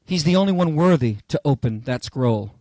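A man delivers a sermon with insistent repetition, climbing in pitch and force on the phrases he stresses. His voice sits a little high for a man. The sound is dry and close, with no room echo. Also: animated, moderate pace. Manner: emphatic, repetitive, rising to near-shouts on key phrases. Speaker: pastor. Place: church.

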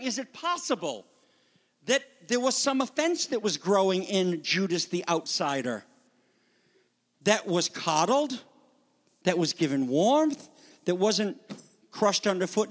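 A male pastor preaching a sermon in an animated way, briefly acting out the voices of people in the story. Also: high-pitched, slow pace, long pauses, big-room sound.

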